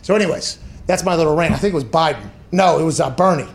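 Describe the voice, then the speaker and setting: A man in his thirties hosting a casual sports podcast, animated and ranting, swearing freely. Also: a little high, quick pace, creaky, a crowd in the background. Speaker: podcast host.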